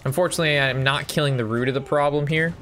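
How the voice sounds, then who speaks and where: A man's voice: fairly high pitch, fairly even intonation, quick pace, a bit bright, soft background music. A man giving casual gameplay commentary, thinking through his moves aloud and sometimes breaking into a sweary rant. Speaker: game streamer.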